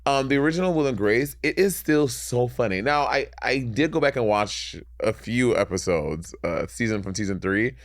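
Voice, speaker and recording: A man's voice: mid-range voice, expressive, no room sound, studio quality. A man co-hosting a podcast in casual chat, swearing freely and acting out scenes he retells. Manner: fast, swearing, acts out quoted lines. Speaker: podcast co-host.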